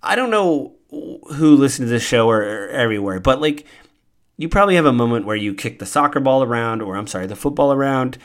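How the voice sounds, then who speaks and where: A man's voice: medium pitch, animated, brisk. A podcast host, a man, recapping a film in casual, earnest talk full of fillers and restarts.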